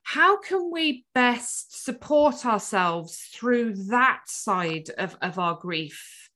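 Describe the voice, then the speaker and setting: Animated woman host, reassuring tone. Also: fairly high pitch, extremely slow. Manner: animated, reassuring, acts out inner voices. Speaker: podcast host and counselor. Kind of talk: conversational interview.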